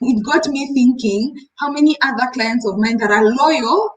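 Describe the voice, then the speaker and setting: Woman, high voice, animated storytelling, casual business talk. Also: normal speed, low-quality recording. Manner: animated storyteller, acts out callers. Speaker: co-host, rabbit seller.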